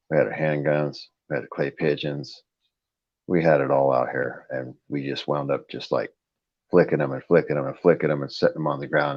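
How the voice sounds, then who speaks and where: A man's voice: a bass voice, no echo, lo-fi sound. A man telling a long story in a blunt, rambling way, repeating "I go" over and over as he retells it. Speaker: host of a live chat stream. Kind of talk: casual storytelling.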